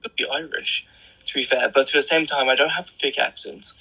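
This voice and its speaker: A young man with an English accent, chatting as a guest in a blunt, joking, animated manner. His voice is gravelly and somewhat husky, with a bright, forceful edge. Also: medium pitch, fairly quick, poor audio. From England. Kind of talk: casual interview chat.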